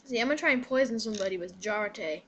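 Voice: medium pitch, racing, fairly bright tone. A gamer chatting casually over a match, explaining the game and reacting to plays. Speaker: gamer playing with a friend. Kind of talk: casual gameplay chat.

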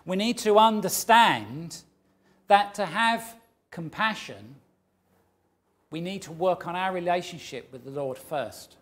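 A man preaching a sermon in a church, earnest and emphatic as he tells a story. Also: on the high side.

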